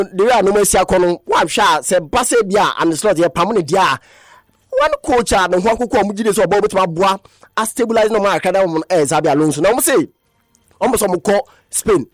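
A man rattles through a radio sports news roundup at a fast clip. His voice sits high, and his delivery slides now and then into a sing-song lilt. The studio sound is dry and close. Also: lively intonation, no echo.

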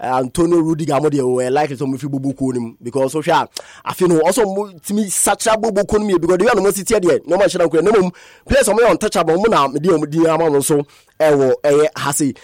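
A man rattles through a radio sports news roundup at a fast clip. His voice sits high, and his delivery slides now and then into a sing-song lilt. The studio sound is dry and close. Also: dry recording.

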